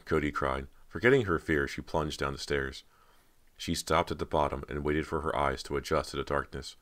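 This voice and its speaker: A man narrating an audiobook in a steady, measured storytelling voice. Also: rumbling low.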